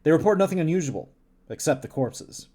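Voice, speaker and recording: A man voicing a calm, logical male alien first officer who reports in an even, matter-of-fact way. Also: on the high side, a little fast. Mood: reporting.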